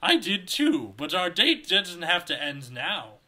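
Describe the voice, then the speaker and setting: A man's voice: fairly high pitch, sing-song, normal speed, pushed and bright, husky, heavily acted. A man hamming up a flirtatious robot devil.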